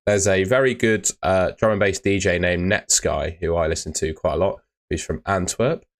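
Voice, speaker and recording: Streamer, deep voice, easygoing chat with lots of ums, reads out chat. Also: male voice, moderate pace. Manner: chatty, reads out viewer comments with filler words. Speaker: host of a fantasy football live stream. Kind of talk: casual live-stream chat.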